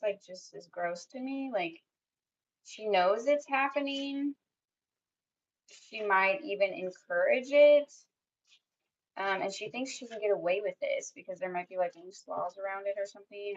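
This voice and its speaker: A young woman with a mid-range voice gives her viewers a tarot reading, speaking bluntly, swearing freely and saying "like" a lot. The audio sounds dull.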